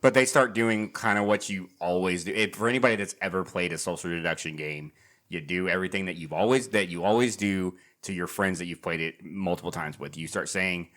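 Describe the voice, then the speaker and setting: A podcast co-host with a low voice recaps a movie at a brisk clip in a casual chat. His retelling is animated, he acts out the characters' lines, and he swears freely.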